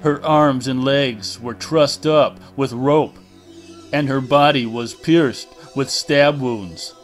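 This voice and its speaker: A man reading a horror novel aloud in a deliberate, dramatic narration style. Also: mid-range voice, soft background music. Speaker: audiobook reader.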